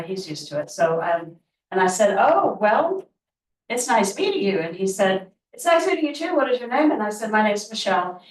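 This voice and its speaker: A middle-aged woman, a real estate agent, telling a rambling story at a team meeting with lots of restarts. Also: medium pitch. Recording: roomy, distant mic.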